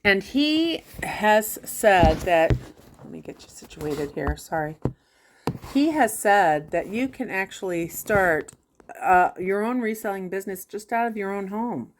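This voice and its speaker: Lady vlogger at home, talks slow, rambles on, lots of um and you know, faint hum in the room. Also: medium pitch, animated. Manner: rambling, many fillers and restarts. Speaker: vlogger sharing reselling tips. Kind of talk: casual chat to camera.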